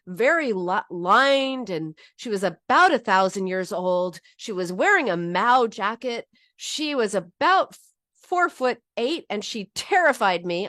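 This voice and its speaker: A woman's voice: medium pitch, a bit bright, no room sound, studio quality. A middle-aged woman teaching about binge eating in a heartfelt personal talk, often restarting her sentences. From United States. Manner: earnest and heartfelt, with frequent restarts.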